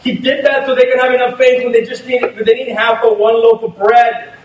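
A man preaching a sermon in an animated, conversational way, often breaking into laughter. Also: very high-pitched, brisk, lo-fi sound. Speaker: pastor. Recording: echoey room, mic at a distance, faint noise.

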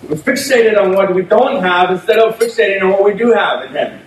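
A man with a high voice gives a lively, chatty sermon, laughing at his own points. He is picked up from some distance in an echoey room with a faint hiss underneath. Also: fairly quick. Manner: animated, conversational preaching with laughs. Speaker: pastor.

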